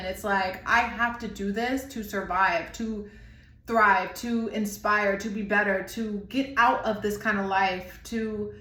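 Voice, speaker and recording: A woman's voice: medium pitch, fairly bright tone, a little hiss or hum. A woman in her thirties giving an intuitive tarot reading, emotional and rambling as she searches for words. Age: 30s. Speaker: tarot reader. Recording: echoey room.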